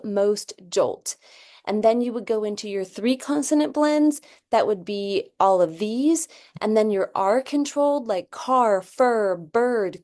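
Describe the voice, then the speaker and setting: A woman's voice: a little high, darkish tone. A woman teaching reading, explaining a phonics assessment and sounding out example words one by one, often checking in with "okay?".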